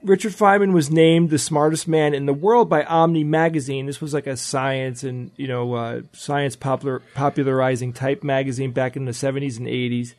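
A man's voice: mid-range voice, steady tone, normal speed, few pauses, a little mellow. A man on a podcast panel, sharing an anecdote eagerly in a casual chat. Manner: enthusiastic, telling a story.

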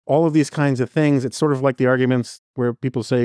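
A man's voice: medium pitch, fairly even intonation, fast talker, dark tone, no room sound, studio quality. A man as a podcast guest giving earnest commentary in long run-on sentences. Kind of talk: conversational commentary.

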